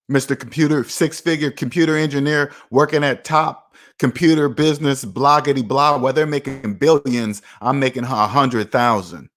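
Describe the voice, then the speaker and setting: Guy with a kinda high voice preaching money stuff to his viewers, says everything twice for emphasis. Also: a bit bright. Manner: emphatic, repeats himself for effect; preachy, talks straight to viewers. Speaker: personal finance vlogger. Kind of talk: casual motivational monologue.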